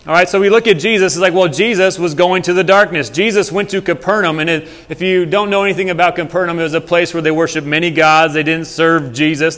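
A man's voice: on the high side, fairly bright tone. A young man preaching in a casual, conversational way, telling stories as a pastor. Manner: conversational, storytelling. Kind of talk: casual sermon. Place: church hall. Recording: long hall reverb.

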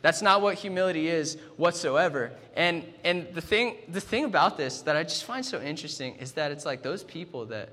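Young male pastor, earnest sermon delivery, slightly high voice, reverberant hall. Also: animated, normal speed, few pauses, pushed and bright. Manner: earnest, repeats words when starting sentences.

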